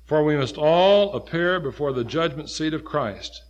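A male preacher with a somewhat high voice delivers an animated sermon at normal speed, his pitch swinging from loud, emphatic peaks down to low, quiet lulls. He quotes scripture in old King James wording, and the highs in the audio are cut off.

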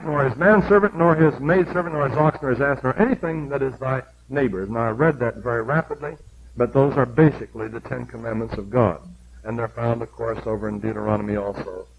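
An older male preacher delivers a sermon with a gravelly edge to his voice. He reads scripture in a slow, emphatic cadence, then drops into quieter, earnest asides to his listeners. The recording is muffled and lo-fi, like an old sermon tape. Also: fairly high pitch.

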